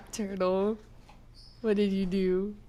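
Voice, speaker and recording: A woman's voice: medium pitch, level tone, very slow. A woman streamer trading crude, teasing jabs with a friend while gaming, swearing a lot and chewing into her mic. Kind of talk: casual gaming stream banter.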